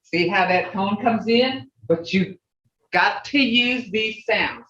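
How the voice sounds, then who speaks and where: A language teacher leading an online class, sounding out syllables slowly, one at a time. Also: medium pitch, big pitch swings, a bit bright. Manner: slow, drawn-out syllable drilling. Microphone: video call. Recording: echoey, dull video call audio.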